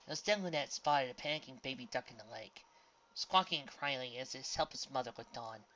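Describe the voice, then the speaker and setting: Low-voiced woman reading a story. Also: fairly quick, fairly bright tone, dull audio. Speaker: reader. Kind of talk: reading fan fiction aloud.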